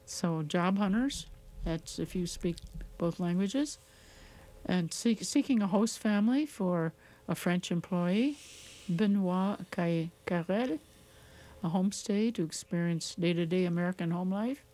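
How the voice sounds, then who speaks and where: Low, mellow-voiced woman radio co-host. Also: a little slow. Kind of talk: reading community announcements. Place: radio studio.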